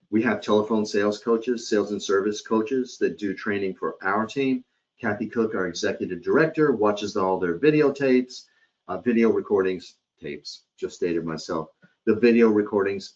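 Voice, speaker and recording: A man with a low voice presents a live training webcast on hospitality. He acts out phrasings in different tones to show how they sound to guests. The audio is dull and lo-fi, like a webcast stream. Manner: demonstrates phrasings by acting out tones of voice.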